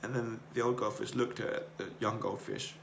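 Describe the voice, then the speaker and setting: A man with a lowish voice talks earnestly and circles back over his own words in a rambling motivational monologue. The room around him is echoey, and a faint hiss sits under the voice. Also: flat delivery, moderate pace, creaky. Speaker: podcast host. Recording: roomy echo, faint noise.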